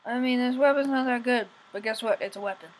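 A young woman giving rambling, excitable let's-play commentary, often whining, recorded on a poor home setup. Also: fairly high pitch, quick pace. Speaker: gamer.

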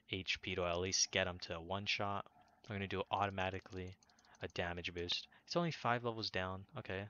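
A man's voice: fairly low pitch, sharp tone, no echo. A young man giving casual, rambling gameplay commentary as a gaming video host, upbeat and full of fillers and restarts. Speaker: gaming YouTuber. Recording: dull lo-fi audio.

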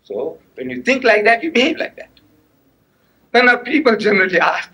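Animated man preaching. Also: high-pitched, normal speed, pauses often, low-quality recording. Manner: animated storytelling with sharp rising outbursts; acts out dialogue, mocking and emphatic. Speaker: lecturer at a mosque. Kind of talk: religious lecture. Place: mosque lecture audience.

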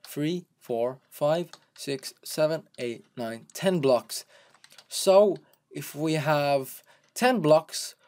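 A man giving casual let's-play commentary, chatty and narrating each step as he goes, counting out loud. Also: medium pitch. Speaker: gameplay commentator.

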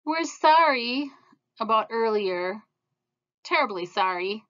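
A woman voicing a troop of rowdy, excitable ants in a storybook read-aloud, with a squeaky, quick delivery. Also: highs cut off. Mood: polite.

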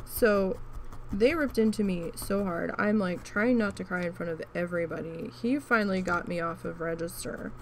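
A woman's voice: on the low side, normal speed, a little hiss or hum. A woman vlogger chatting frankly about an old job while she crafts, with many restarts. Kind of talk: casual storytelling while crafting.

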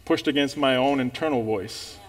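A man preaching a sermon in church, telling a story in an animated way and calling out to the congregation. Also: medium pitch, moderate pace.

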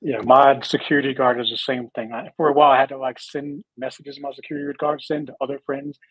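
A man's voice: mid-range voice, flat delivery, quick pace, fairly bright tone, husky, no room sound, rough recording. A man chatting casually on a livestream in a laid-back, joking way, reading out viewer comments.

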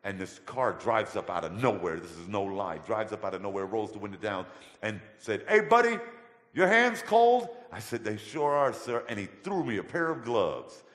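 A man telling his testimony as a guest in a church, colloquial and animated. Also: lowish voice, normal speed. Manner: animated, colloquial, acts out voices in his stories. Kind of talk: storytelling testimony. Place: church hall. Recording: echoey church hall with long reverb.

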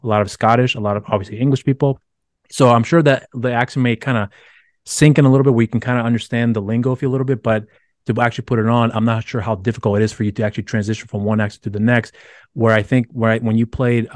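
A man's voice: medium pitch, no echo, clean studio sound. A man hosting a podcast, asking long rambling questions full of restarts. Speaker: podcast host. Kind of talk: casual interview chat.

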